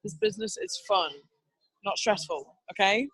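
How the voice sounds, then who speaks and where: A woman's voice: medium pitch, animated, moderate pace, fairly bright tone, breathy edge, no room sound, rough recording. A woman leading a team training over a video call, upbeat and chatty, laughing often. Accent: not Canadian. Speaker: team leader.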